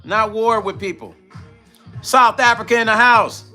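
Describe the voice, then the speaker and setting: High, bright-voiced older man with a New York accent. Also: a little slow, faint music behind. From Brooklyn, New York. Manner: slangy, repetitive, shout-outs to chat, laughs often. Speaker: music vlogger hosting a livestream. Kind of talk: casual livestream chat with viewers.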